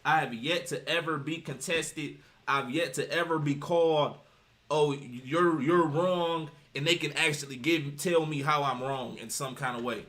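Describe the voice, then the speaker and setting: A man streams casual commentary with a voice pitched a little above the usual male range. He preaches with emphasis, cites scripture and rambles, doubling back on himself as he goes. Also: normal speed, hardly any pauses, bright, forceful tone. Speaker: streamer commenting on reaction videos.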